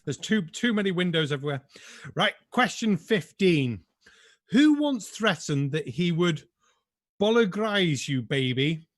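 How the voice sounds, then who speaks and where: A man hosting an online pub quiz in a casual, sarcastic way, throwing in quick asides and swearing now and then. His voice sits a little high for a man. The recording is dry and close, with no room echo. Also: sing-song.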